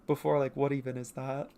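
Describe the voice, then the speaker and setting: Woman comic artist, rambling and self-mocking, casual art stream. Low voice. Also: little pitch movement, normal speed, dark tone, a little hiss or hum. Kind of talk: casual livestream chat.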